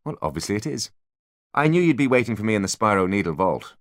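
A man voicing a calm, calculating teenage boy genius with a smug, measured delivery in an audiobook. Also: on the low side, no echo, clean studio sound, voice pushed up.

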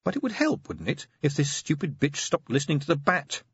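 A man's voice: fairly high pitch, wildly swooping pitch, brisk, husky, no echo, muffled recording, voice pushed up, exaggerated voice. A man reading aloud voices a menacing inner wolf that goads its host. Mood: goading. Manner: goading, menacing. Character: snarling inner wolf spirit, female, menacing.

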